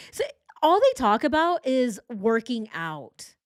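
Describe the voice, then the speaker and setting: A woman's voice: a little high, sing-song, measured pace, no echo, studio quality. A woman hosting a true crime commentary, sarcastic and exasperated as she goes through evidence. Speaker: true crime channel host.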